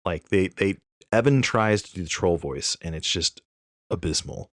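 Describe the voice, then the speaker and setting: A man in his thirties chatting on a podcast, telling an animated, rambling story and correcting himself as he goes. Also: sits low, moderate pace, dry recording, studio quality. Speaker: podcast co-host. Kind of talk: casual chat.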